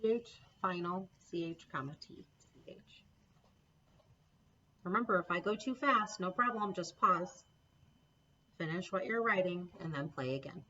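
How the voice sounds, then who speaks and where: A woman's voice: on the low side, a little slow, long pauses, sharp tone, dull audio, a little hiss or hum. A woman teaching a recorded phonics lesson to children, patient and encouraging, spelling out letter sounds one by one. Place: home classroom setup with a board.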